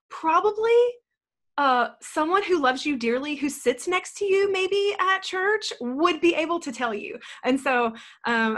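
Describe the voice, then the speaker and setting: A woman's voice: fairly high pitch, fairly bright tone. A woman in her thirties talking earnestly on a panel, telling a personal story with many filler words. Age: 30s. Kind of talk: panel talk.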